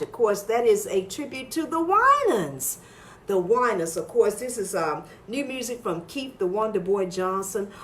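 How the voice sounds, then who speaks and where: Animated female radio host, lively pitch. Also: slight background noise. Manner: upbeat, repeats phrases for emphasis. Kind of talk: live radio interview with listener shout-outs.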